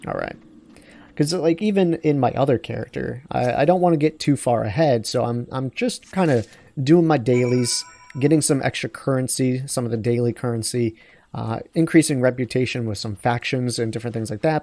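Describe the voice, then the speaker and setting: A man's voice: mid-range voice, fairly quick, creaky, warm tone, no echo. A man hosting a let's play, talking through his game in a rambling, digressive, self-deprecating way. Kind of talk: casual gameplay commentary.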